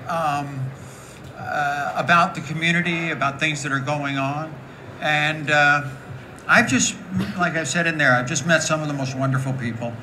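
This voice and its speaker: A woman in her late sixties with a deep, raspy voice, talking frankly to a live audience and telling stories with jokes. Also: slight background noise, rough recording. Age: 60s. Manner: frank, joking, animated storytelling. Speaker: guest speaker. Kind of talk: candid live talk with audience.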